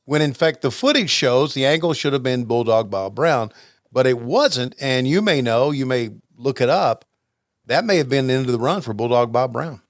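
A man co-hosting a podcast, chatting casually in a jokey, rambling, halting way. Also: mid-range voice, lively intonation, dry recording, studio quality. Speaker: podcast co-host. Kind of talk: casual chat.

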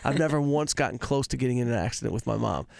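A man from Detroit in relaxed, slangy casual chat. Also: mid-range voice, very fast, vocal fry, no room sound. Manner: laid-back, slangy. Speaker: podcast co-host.

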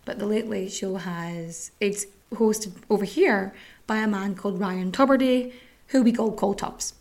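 A woman's voice: mid-range voice, unhurried, darkish tone. An Irish woman hosting a podcast, chatting candidly and swearing freely. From Ireland. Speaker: podcast host. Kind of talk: casual chat.

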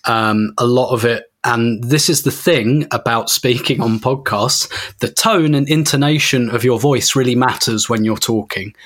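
A man as a podcast guest, talking at length in a loose, animated way with small laughs. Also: mid-range voice, normal speed. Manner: rambling, animated, laughs as he talks. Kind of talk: casual podcast chat.

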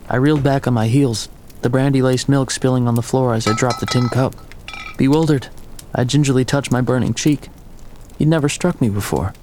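Man, audiobook narration, gravelly low rasp, measured pace, faint background hiss. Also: darkish tone. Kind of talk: first-person audiobook narration.

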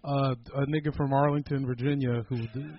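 Speaking fairly quickly in a mid-range voice, this man hosts a podcast full of jokes and frequent profanity, his manner excitable and casual. Faint noise sits under the dull, lo-fi recording.

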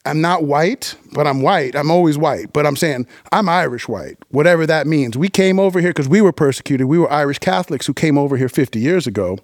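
A middle-aged man from New York telling stories as a podcast guest, animated and profane, with quick restarts and acted-out quotes. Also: a little high, dry recording. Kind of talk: casual interview storytelling.

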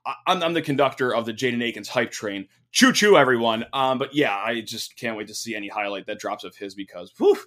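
A man's voice: medium pitch, fast talker, few pauses. A young man hosting a sports podcast, talking casually with energy and plenty of fillers. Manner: energetic, chatty, lots of fillers. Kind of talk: casual podcast talk with ad read.

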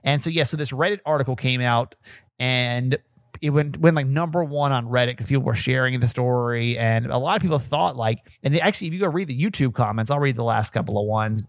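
A man with a medium-pitched voice talks briskly, with no echo, as the host of a casual podcast. His chat is rambling and self-mocking, full of hesitations.

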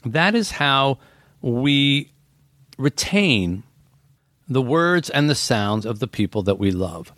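A man's voice: mid-range voice, big pitch swings, takes it slowly, long pauses, fairly bright tone, no room sound, clean studio sound. A man talking earnestly and thoughtfully in an interview, repeating phrases for emphasis. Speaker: guest. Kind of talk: reflective conversation.

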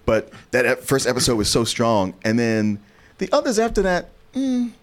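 A man's voice: mid-range voice, wildly swooping pitch, moderate pace. A man chatting casually as a podcast co-host, acting out his own past reactions. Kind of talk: casual chat.

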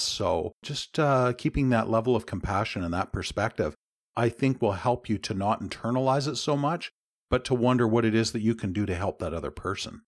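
A man co-hosting a podcast, giving step-by-step advice in a measured, coaching tone. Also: medium pitch, no echo, clean studio sound. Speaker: co-host.

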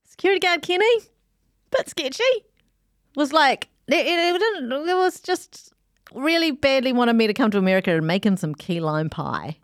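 A woman, co-hosting a podcast and telling animated stories with frequent laughter. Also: sits high, moderate pace, clean tone, no echo, studio quality. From New Zealand. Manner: animated storytelling, laughs often. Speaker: podcast co-host. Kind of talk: casual chat.

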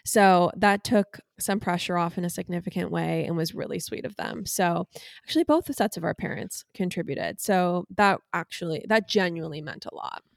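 A woman's voice: on the low side, moderate pace, gravelly, no echo, clean studio sound. A young woman co-hosting a podcast, telling a story animatedly and acting out quoted dialogue in casual chat. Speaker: podcast co-host.

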